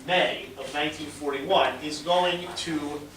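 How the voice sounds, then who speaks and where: A man teaching history as a lively lecture, telling it like a story and acting out what people said, with fillers along the way. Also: on the high side, measured pace. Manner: animated storytelling with fillers, acts out quotes. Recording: roomy echo, distant mic, faint hiss.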